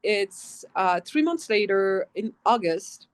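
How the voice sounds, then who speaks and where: A woman from France with a French accent, a voice actress telling animated stories in a casual interview and acting out the quotes. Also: mid-range voice, slow pace. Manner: animated storytelling, acts out quotes, swears casually. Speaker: guest voice actress.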